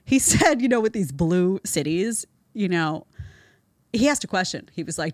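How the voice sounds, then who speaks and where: A woman podcast host delivers opinionated commentary in a sarcastic, exasperated tone. Her pitch swings up and down with a lot of life, and the sound is close and dry, with no room echo. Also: big pitch swings, fast talker. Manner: reads article excerpts aloud with scornful asides.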